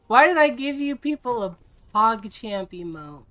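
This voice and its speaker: A woman streaming a video game, chatting casually with her viewers in an exasperated, teasing way and quick to laugh. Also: fairly high pitch, animated, fairly bright tone.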